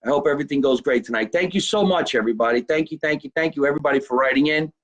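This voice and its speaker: A man's voice: on the high side, racing. A man hosting a casual live show, chatty and jokey, reading out fan mail and sponsor plugs. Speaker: podcast host.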